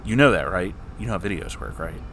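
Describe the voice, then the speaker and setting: A man's voice: low voice, lively intonation, fast, a bit bright, a little hiss or hum. A man reading a comedy story aloud and breaking in with sarcastic, joking asides. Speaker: story reader.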